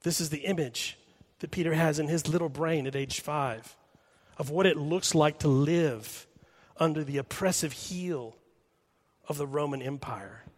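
A man's voice: on the high side, a little slow. A man preaching a sermon as pastor in a church, telling a story with rhetorical questions. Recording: long hall reverb.

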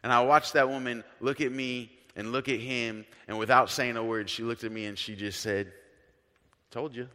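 A man's voice: medium pitch, steady tone, normal speed, few pauses. Earnest male pastor in a reverberant hall. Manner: conversational, earnest, swings between soft and loud. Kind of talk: sermon storytelling.

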